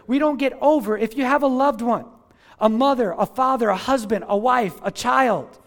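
A middle-aged man with a strikingly high voice delivers an earnest church sermon. He repeats words as he builds a point and keeps asking the congregation to answer back. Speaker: pastor.

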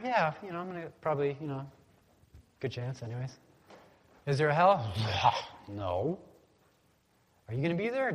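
A man's voice: medium pitch, slight background noise. A man preaching a conversational sermon in a church, calling on the congregation to repeat words after him. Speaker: pastor. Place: church sanctuary. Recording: long hall reverb.

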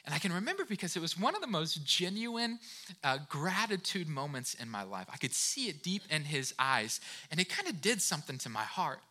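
A man with a fairly high, very bright and forceful voice gives a motivational talk. His pitch swings widely as he tells personal stories, often checking in with the listener with "right?" He restarts and repeats words as he goes. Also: big pitch swings, a little fast. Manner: earnest, direct address to the listener with frequent "right?". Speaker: speaker of a talk series.

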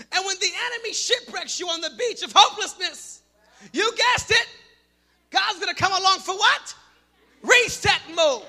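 A man preaching a sermon, shouting in bursts and then dropping to quiet prayer. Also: very high voice. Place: church hall. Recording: long hall reverb with music behind.

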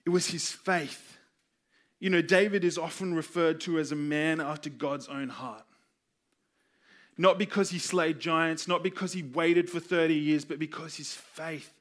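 A man delivers a sermon in a fairly high voice, earnest and personal. He tells scripture stories and his own experience, and slips into the voices of the people he quotes. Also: steady tone, measured pace. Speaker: preacher.

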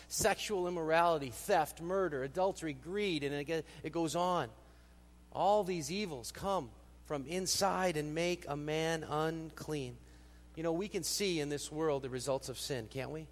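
A man preaching as pastor in a large church hall, his voice sitting a little high and trailing a long reverb. He delivers his sermon expressively, acting out quoted lines with lifted emphasis. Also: gravelly. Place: church sanctuary.

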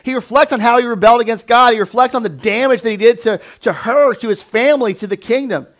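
A man preaching a conversational sermon, acting out voices of Bible figures and often dropping to a low, quiet voice. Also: quick pace. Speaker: pastor.

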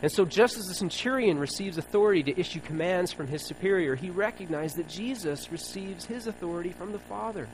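A man's voice: high-pitched, brisk, few pauses, slight background noise, rough recording. A man preaching a sermon in a casual, playful storytelling way, retelling scripture stories and asking questions.

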